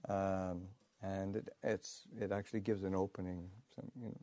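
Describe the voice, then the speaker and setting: Low, mellow-voiced monk telling a story. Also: male voice, level tone, no room sound. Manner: halting, many pauses and fillers, chuckling storyteller. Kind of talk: anecdotal dharma talk.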